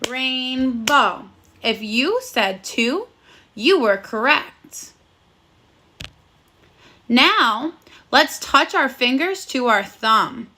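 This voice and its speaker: A woman leads a phonics lesson for young children in a high, bright voice. She speaks slowly and clearly, sounding out words one by one. Her tone stays encouraging throughout. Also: big pitch swings, slight background noise. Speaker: first grade teacher.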